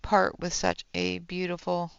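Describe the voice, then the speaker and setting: A woman's voice: lowish voice, monotone, unhurried, creaky, clean tone, no room sound, muffled recording. A woman hosting a coloring livestream, chatting casually with her viewers as she works, with many fillers and frequent laughs. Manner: chatty, reads and answers chat, laughs often, many fillers.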